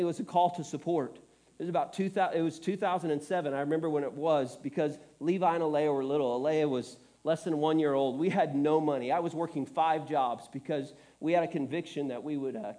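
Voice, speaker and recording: A man's voice: on the high side, brisk, mellow. A middle-aged man preaching a sermon, telling stories earnestly with self-deprecating humor, choked up and tearful. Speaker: pastor.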